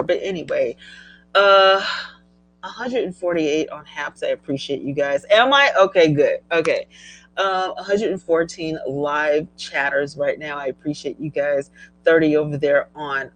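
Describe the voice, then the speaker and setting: A middle-aged woman hosting a casual live stream, chatty and animated, laughing often as she reads viewer comments. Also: sits low, low-quality recording. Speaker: livestream host.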